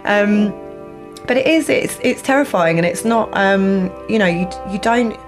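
A woman hosting a casual podcast conversation, animated and quick to laugh. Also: mid-range voice, music in the background. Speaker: podcast host.

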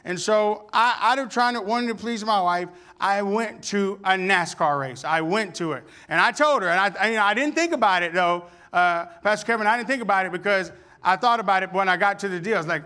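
High, bright-voiced male preacher. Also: quick pace, hardly any pauses, clear, resonant tone. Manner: animated, building to shouts. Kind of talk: sermon with humorous storytelling.

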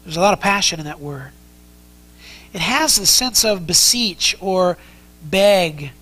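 A man's voice: sits high, lively intonation, unhurried, bright, forceful tone, low-quality recording. A man preaching an expository sermon as pastor, earnest and conversational as he explains the text. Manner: earnest, conversational teaching with frequent restarts.

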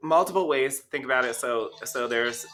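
A man's voice: medium pitch, brisk, music in the background. A man in a casual podcast discussion, hesitant and full of restarts and "like".

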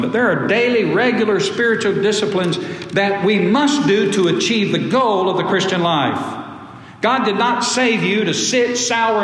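A man's voice: high voice, a bit bright. A man preaching a sermon to his congregation, emphatic and repeating key phrases. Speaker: pastor. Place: church sanctuary. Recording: echoey hall.

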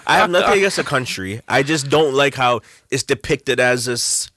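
A man's voice: medium pitch, expressive, normal speed, pushed and bright, no room sound, studio quality. A man in a casual chat, talking bluntly and profanely, often breaking into laughter.

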